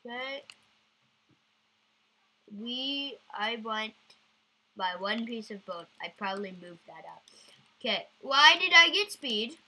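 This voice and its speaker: A woman's voice: on the high side, animated, takes it slowly, long pauses, sharp tone, low-quality recording. A woman doing goofy let's-play commentary, bursting into sudden squeals. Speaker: gamer.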